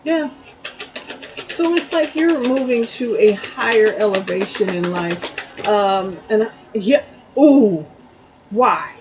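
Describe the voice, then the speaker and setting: A woman's voice: mid-range voice, expressive, takes it slowly, pauses often, background noise. A middle-aged woman giving a casual spiritual tarot reading, telling a story and checking in with "okay?". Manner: chatty, storytelling, frequent "okay?" asides. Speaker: tarot reader.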